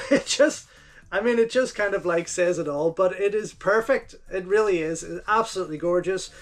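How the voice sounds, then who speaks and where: A man's voice: high-pitched, normal speed. A man, hosting his channel and gushing his way through a casual unboxing commentary, repeating his words of praise. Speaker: channel host reviewing home video releases.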